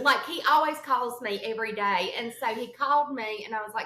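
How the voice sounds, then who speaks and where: A young woman co-hosting a chat podcast, her voice bright and a touch high. She tells stories in a rush and acts out every line she quotes. The room around her is noticeably echoey. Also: moderate pace, few pauses. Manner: animated storyteller, acts out quotes with sudden yelps. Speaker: podcast co-host. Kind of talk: casual chat.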